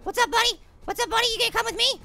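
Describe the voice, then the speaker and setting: Little Apple, a squeaky cartoon fruit. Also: very fast, gravelly, heavily acted. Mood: cheery. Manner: excitable, loud panicked shrieks and repeated words. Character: tiny male apple, cheerful and jumpy. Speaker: gameplay commentator. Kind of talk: horror game let's play commentary. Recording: game music under the voice.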